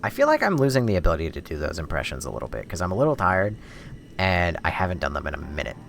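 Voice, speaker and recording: A man with a low, deep voice chatting casually on his stream, rambling and swearing as he cuts himself off mid-thought. His delivery swings up and down in a lively way. A noisy background runs under the whole recording. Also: quick pace, creaky. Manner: rambling, profane, self-interrupting.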